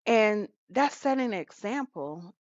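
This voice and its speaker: A woman's voice: mid-range voice, expressive, unhurried, no echo. A woman co-hosting a podcast in a casual, chatty way, often laughing between thoughts. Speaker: podcast co-host. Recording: dull, lo-fi, dry sound.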